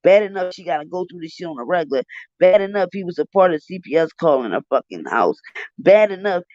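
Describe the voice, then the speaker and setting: A man's voice: sits high, sing-song, fast, a little mellow, no room sound. A man giving heated, profane live commentary, ranting in an exasperated way on a livestream. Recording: dull lo-fi dry livestream audio.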